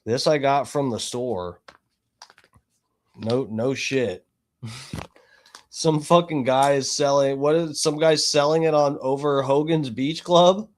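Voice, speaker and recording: A man hosting a podcast, talking loudly and excitably in casual chat, with frequent swearing. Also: mid-range voice, takes it slowly, long pauses, slight background noise. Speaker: podcast host.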